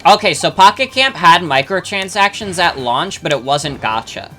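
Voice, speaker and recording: Young adult streamer, bright edgy tone, rambling and sweary, faint game music behind. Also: mid-range voice, lively intonation, moderate pace. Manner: rambling, filler-heavy, swears freely. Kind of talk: casual chat while gaming, reading chat.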